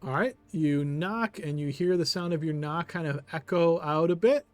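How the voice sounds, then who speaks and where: A man's voice: on the high side, moderate pace, a little mellow, dry recording, faint music behind. A man narrating a tabletop game as game master, easygoing and full of filler words.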